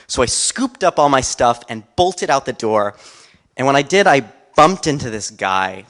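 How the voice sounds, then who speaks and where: Gravelly low-voiced young man storyteller. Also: fairly bright tone. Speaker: student storyteller. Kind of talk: personal storytelling on stage.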